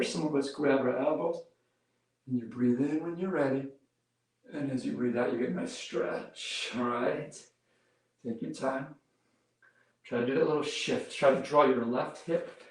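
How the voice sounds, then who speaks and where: A man leading a yoga class, giving calm step-by-step cues while he demonstrates the poses and counts breaths. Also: on the high side. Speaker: yoga instructor. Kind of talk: guided yoga class instruction. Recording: roomy echo, mic far off.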